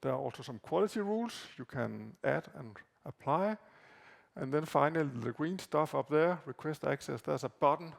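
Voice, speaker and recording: A man whose first language is Danish gives a conference talk, walking through slides in a halting way with frequent fillers and repeated words. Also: on the high side, animated, gravelly. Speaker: conference presenter. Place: conference hall.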